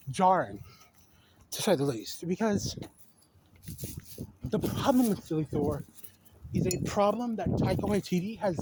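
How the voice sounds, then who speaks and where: A man's voice: high voice, darkish tone, slight background noise, low-quality recording. A man giving a casual, rambling film rant to a phone camera, exasperated and full of restarts and fillers. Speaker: video essayist.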